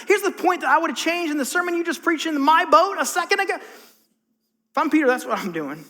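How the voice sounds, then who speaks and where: A man's voice: very high voice, expressive, a little fast, bright, forceful tone, big-room sound. A man preaching a conversational sermon as a pastor, acting out the voices in his story. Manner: conversational, acts out quotes.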